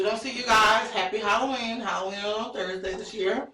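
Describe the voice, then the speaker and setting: A woman's voice: on the high side, fairly even intonation, normal speed, hardly any pauses. A woman co-hosting a casual podcast, playful and teasing, joking with the others. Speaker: podcast co-host. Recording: roomy room, mic at a distance, faint noise.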